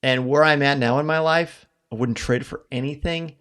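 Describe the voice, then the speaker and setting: A middle-aged man hosting a live podcast stream, talking earnestly and haltingly, choked up at times. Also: on the high side, fairly bright tone, clean tone. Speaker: podcast host. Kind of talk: emotional live-stream farewell talk.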